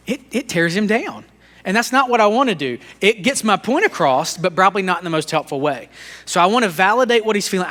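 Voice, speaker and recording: A man's voice: on the high side, lively intonation, brisk, bright, forceful tone. A man giving a conversational teaching talk to a live audience, acting out everyday talks with his young son. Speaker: speaker at a church leadership talk.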